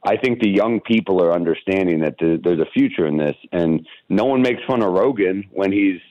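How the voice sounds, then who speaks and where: A man who is a comedian guest, telling wry, lively anecdotes on a radio podcast, with quoted asides. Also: low voice, a little fast, no room sound, highs cut off. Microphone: studio microphone.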